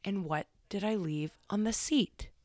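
A young woman tells a long story in an animated, profane way. Her voice sits at a middle pitch, recorded dry and close with no room sound. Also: unhurried, no room sound. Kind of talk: casual storytelling chat.

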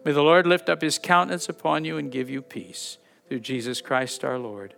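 A man's voice: on the high side, fairly even intonation, gravelly, loud music behind the voice. A man preaching a sermon as a pastor, earnest and fervent, who leads a closing prayer and blessing. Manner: earnest, fervent, slowing to read scripture aloud.

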